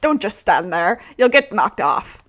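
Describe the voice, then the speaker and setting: A woman voicing a gruff middle-aged male ship captain with rough, boastful sailor talk. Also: medium pitch, sing-song, unhurried, fairly bright tone.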